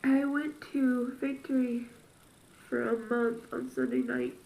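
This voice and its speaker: A teenage girl speaks slowly in a high, gravelly voice, her words wavering as she cries through a personal story. It is a confessional vlog recorded in an echoey room with a faint hiss behind her. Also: sing-song, darkish tone. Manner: emotional, tearful storytelling. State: crying. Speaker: vlogger.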